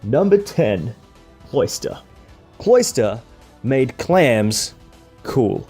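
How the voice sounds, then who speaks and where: A man's voice: medium pitch, very animated, very slow, mellow, slightly rough, faint music behind. A man hosting a casual countdown vlog, chatting with fan enthusiasm. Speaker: YouTuber.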